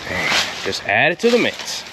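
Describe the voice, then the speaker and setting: A man's voice: mid-range voice, normal speed. Folksy man, noisy outdoor yard. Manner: folksy, drawling, deadpan innuendo. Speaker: gardening show host. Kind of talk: comedic gardening tutorial.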